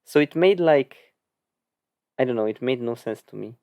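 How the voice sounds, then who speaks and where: A man's voice: mid-range voice, lively intonation, normal speed, darkish tone, no echo. A man co-hosting a casual podcast, chatting loosely with many "like"s and restarts. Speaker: podcast co-host. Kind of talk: casual chat.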